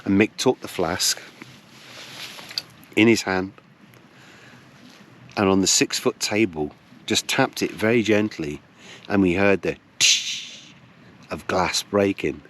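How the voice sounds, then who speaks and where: A man, telling a casual anecdote as a camping companion, wry and dramatic, with long pauses. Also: sits low, fairly bright tone, a little hiss or hum.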